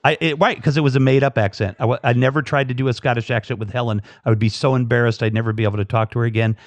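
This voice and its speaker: A man hosting a casual live stream, joking and rambling with frequent restarts. His voice sits at a middle pitch and sounds dry and close, with no room around it. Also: fairly even intonation, rapid-fire, dry recording. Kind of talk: casual chat.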